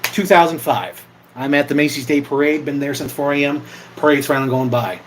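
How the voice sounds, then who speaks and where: A young man hosting an impromptu livestream, chatting casually, swearing freely and bursting into loud yells. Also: on the high side, fairly even intonation, fairly quick, slight background noise, poor audio. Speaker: livestream host.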